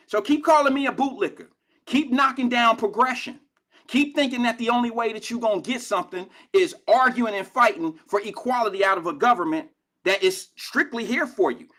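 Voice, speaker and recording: Speaking in a very high, somewhat bright voice, a middle-aged Cincinnati talk show host rages at his critics on a live call-in show. His rant is fiery, profane and confrontational, and he hails from Cincinnati, USA.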